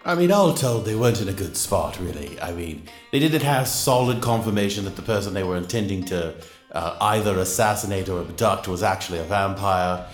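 Deep-voiced wry male narrator. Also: lively intonation, a little fast. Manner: wry, teasing storyteller. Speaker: show narrator. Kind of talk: scripted narration. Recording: echoey with background music.

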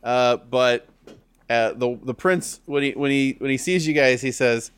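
A man narrating as game master of a tabletop role-playing game, halting often with restarts and fillers. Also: medium pitch, clear, resonant tone, no room sound.

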